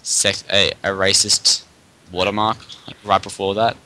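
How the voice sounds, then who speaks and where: A young man giving excitable casual commentary while playing a video game with a friend. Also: low-pitched, a little slow, a little hiss or hum, rough recording. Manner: excitable, laughs and chants in bursts. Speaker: gamer.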